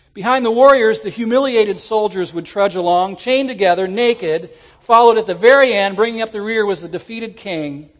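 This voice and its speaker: A man preaching a sermon to his congregation, animated and rising at times to shouts. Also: high voice. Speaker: pastor. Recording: church sermon audio.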